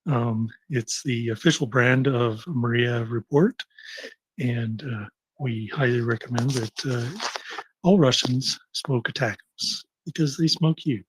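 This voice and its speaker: An American man speaking on a panel, halting with many fillers and deadpan jokes. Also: mid-range voice, breathy edge, no room sound. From United States.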